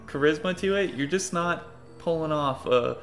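A man's voice: on the high side, normal speed, a bit bright, soft background music. Casual male game master narrating. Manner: casual, loose, puts on crowd voices.

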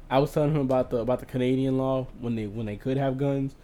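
A man co-hosting a podcast in casual chat, telling stories in an animated way and acting out other people's voices. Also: mid-range voice. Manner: animated storytelling, acts out voices. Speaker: podcast co-host.

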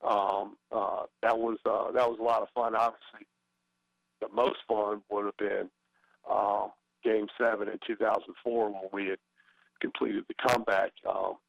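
A man's voice: lowish voice, flat delivery, a little slow, gravelly, dry recording, lo-fi sound. A middle-aged man, a former baseball player, talking as a guest in a casual interview, hesitant with many fillers and restarts.

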